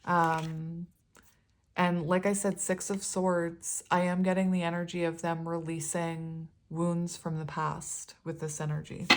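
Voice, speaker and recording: A woman's voice: fairly low pitch, a little hiss or hum. A woman giving a casual tarot reading to her viewers. She talks in a loose, rambling way, corrects herself often, and keeps breaking into giggles. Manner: loose and rambling, many ums and self-corrections. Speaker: tarot reader.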